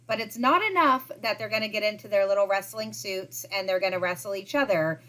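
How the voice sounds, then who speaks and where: A woman's voice: mid-range voice, fairly quick, pushed and bright. A woman in her thirties, co-hosting a casual chat, recapping a show with lots of "like" and laughs. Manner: chatty, recapping with frequent "like" and laughs. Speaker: podcast co-host.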